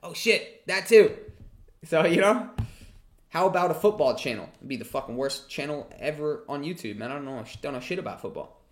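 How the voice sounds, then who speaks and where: A man's voice: a little high, expressive, a little fast, slight background noise. A man hosting a casual livestream Q&A. He reads chat questions aloud and answers them in a chatty way, swearing freely.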